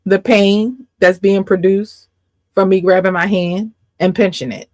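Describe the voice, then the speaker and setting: A woman coach giving a casual faith teaching to camera, emphatic and repeating her points with quick asides. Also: medium pitch, fairly even intonation, darkish tone, no echo.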